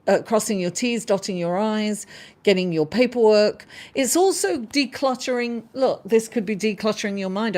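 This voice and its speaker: A woman's voice: mid-range voice, darkish tone. A woman hosting an astrology livestream, chatting casually, laughing often and reading out viewer comments.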